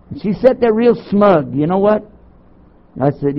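An older man from Texas, a Muslim chaplain, preaching to an audience with sarcastic, animated storytelling and rhetorical questions. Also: high-pitched, unhurried, pauses often. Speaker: Muslim chaplain giving a talk. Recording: dull lo-fi tape recording.

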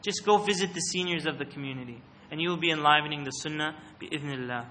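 A man's voice: on the high side, fast talker, sharp tone, a little hiss or hum. A man giving a religious talk into a microphone to a live audience, often putting questions to the listeners and calling on them. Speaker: speaker giving an Islamic talk.

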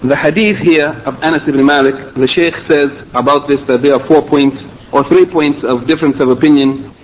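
A man's voice: fairly high pitch, fairly even intonation, moderate pace. A man teaching a recorded religious lesson, explaining step by step with fillers and self-corrections. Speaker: Islamic studies teacher. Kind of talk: recorded lecture. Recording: tinny phone-line quality, faint hiss.

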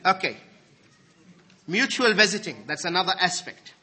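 Lively husky-voiced male preacher. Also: high-pitched, normal speed. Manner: animated, swings from loud emphasis to soft asides. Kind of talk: sermon.

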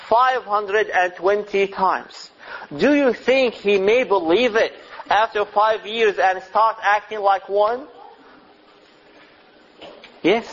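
A middle-aged man giving a religious lecture on parenting, speaking deliberately and asking his listeners rhetorical questions. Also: high-pitched, a bit bright. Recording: slightly dull lo-fi recording.

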